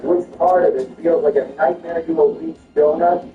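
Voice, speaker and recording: A man performing a comedic skit over gameplay, switching between a deep bossy voice and high whiny ones. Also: moderate pace. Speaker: gaming video creator. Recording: roomy, distant, dull sound with faint music.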